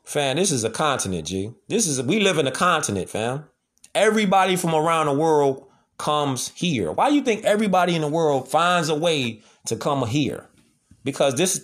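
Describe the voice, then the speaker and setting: A man's voice: a little high, big pitch swings, moderate pace. A man delivering an impassioned monologue, heavy with street slang and repetition, lecturing listeners. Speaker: commentator.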